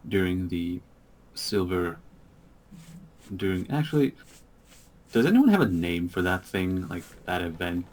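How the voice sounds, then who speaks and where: Low-voiced man game-mastering, halting. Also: a little mellow. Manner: halting narration with many fillers. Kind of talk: narrating a tabletop game over voice chat. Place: online voice call.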